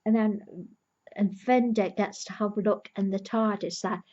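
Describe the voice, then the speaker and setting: Woman, casual review vlog, earnest fan, middle pitch, muffled lo-fi sound. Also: fairly even intonation, moderate pace, dark tone. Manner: earnest, emotionally invested fan recapping the plot. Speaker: TV episode reviewer.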